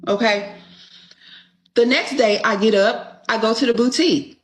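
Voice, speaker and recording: Woman, slow-paced, slightly high voice, indignant, profane, casual storytelling, acts out dialogue. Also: rough recording. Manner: indignant, profane, punctuates with rhetorical "Okay?".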